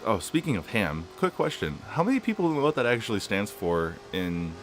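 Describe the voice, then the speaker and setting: A man's voice: on the low side, very animated, normal speed, music in the background. Rambling, foul-mouthed young gamer guy. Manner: rambling, swears a lot, many fillers. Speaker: gaming channel host. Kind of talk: casual gameplay commentary.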